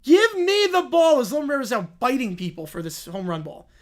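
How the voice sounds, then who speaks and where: A man's voice: very high voice, huge pitch swings, normal speed. Casual male streamer host. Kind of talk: casual stream reading a story aloud.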